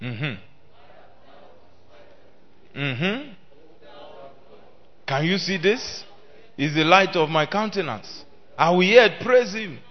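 Male preacher, fairly high voice, declaims loudly and then drops low, draws call-and-response from the congregation, muffled lo-fi recording. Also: sing-song, slow pace, pauses often. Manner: emphatic, swings between loud declaiming and low talk. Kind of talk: sermon. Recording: dull lo-fi sermon recording.

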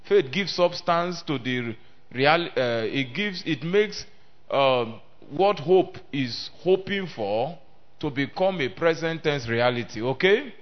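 Male preacher, fairly high voice, declaims loudly and then drops low, draws call-and-response from the congregation, muffled lo-fi recording. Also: animated, takes it slowly. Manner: emphatic, swings between loud declaiming and low talk. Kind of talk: sermon. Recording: dull lo-fi sermon recording.

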